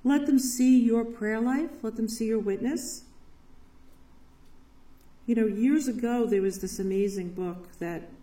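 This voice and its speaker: A woman's voice: fairly high pitch, a little slow, long pauses, dark tone. A woman giving an enthusiastic church talk, telling stories with laughter. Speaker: parish ministry speaker. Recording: echoey hall from a distant mic.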